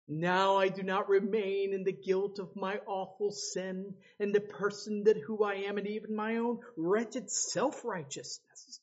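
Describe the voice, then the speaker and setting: A male preacher with a high voice delivers a sermon slowly and deliberately. He swings between loud, pleading cries and low, hushed passages. The recording sounds a little dull and lo-fi. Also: fairly even intonation.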